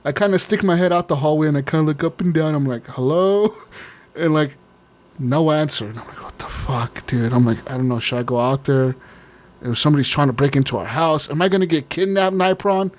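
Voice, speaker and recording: A man's voice: fairly high pitch, quick pace. A man co-hosting a podcast, telling a long story in casual chat, rambling, swearing often and laughing. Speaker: podcast co-host.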